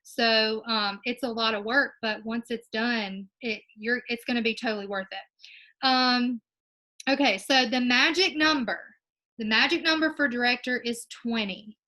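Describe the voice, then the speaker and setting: A woman's voice: a little high, measured pace, bright, forceful tone, low-quality recording. A young woman giving her sales team a casual, encouraging coaching talk, with plenty of ums along the way. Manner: upbeat and encouraging, with many ums. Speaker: direct sales team leader.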